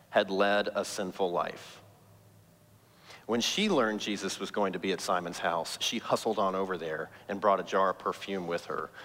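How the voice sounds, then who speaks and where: A man's voice: lowish voice, fairly bright tone, big-room sound. A man preaching a sermon as pastor, telling the story with emphatic, rising stress.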